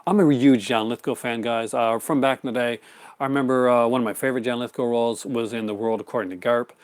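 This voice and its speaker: A man's voice: medium pitch, steady tone, quick pace, dry recording. A man hosting a casual live stream, rambling enthusiastically about his horror film collection, with many fillers and restarts. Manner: answers viewer chat comments.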